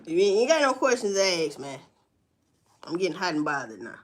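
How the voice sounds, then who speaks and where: A woman's voice: on the low side, very animated, fairly quick. A woman chatting casually with viewers on a live stream, blunt and profane, with emphatic outbursts. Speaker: livestream host. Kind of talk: casual livestream chat to viewers.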